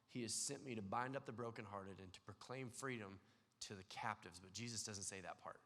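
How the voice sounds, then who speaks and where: A male pastor delivers a sermon in a bright, forceful voice. He is earnest, drops to near-hushed tones, then climbs to loud excitement. His words ring through a church hall with a long reverb. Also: fairly low pitch. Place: church sanctuary.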